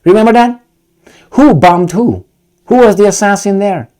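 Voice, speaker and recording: A political commentator with a fairly high, warm voice reads a news article at a moderate pace. He keeps breaking off into heated, sarcastic, combative asides, often losing his words and starting over.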